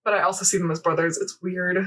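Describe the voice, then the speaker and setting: In a casual podcast chat, a young female co-host recaps a game event, rambling animatedly through the story with many fillers and quoted lines. Her voice is fairly low, level and a bit bright, delivered fast and from a distant mic.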